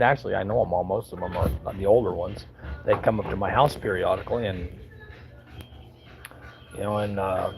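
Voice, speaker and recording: A man's voice: on the low side, low-quality recording. An American man in his fifties or sixties, telling stories in a blunt, folksy, sometimes profane way as a vlogger at home. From United States. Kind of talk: casual storytelling monologue.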